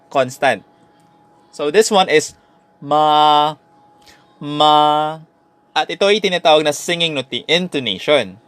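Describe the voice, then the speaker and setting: A man's voice: fairly high pitch, fairly bright tone, dry recording. A man with a Filipino accent teaching a recorded language lesson, switching between Tagalog and English and repeating syllables to demonstrate tones.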